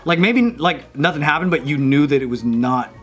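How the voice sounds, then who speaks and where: A man's voice: fairly high pitch, normal speed, fairly bright tone. A man hosting a casual podcast, asking questions in a rambling way with lots of fillers. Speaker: host.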